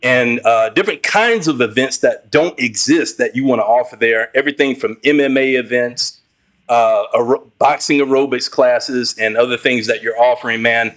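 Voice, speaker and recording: A man's voice: mid-range voice, moderate pace, fairly bright tone. Guy on a podcast, mid voice, lots of ums and uhs, encouraging. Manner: encouraging, filler-heavy. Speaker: podcast guest. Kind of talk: casual conversation.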